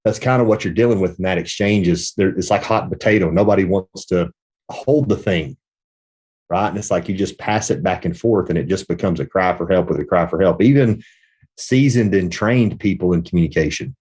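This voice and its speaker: Middle-aged male podcast host, very low voice, rambling reflective storyteller. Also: brisk, a little mellow, husky. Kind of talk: casual podcast conversation.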